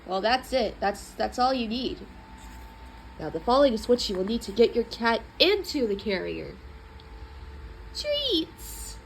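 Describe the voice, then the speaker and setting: A woman reading a children's book aloud in an expressive, playful way. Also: on the high side, a little slow, creaky, long pauses, a little hiss or hum, poor audio. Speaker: storybook reader.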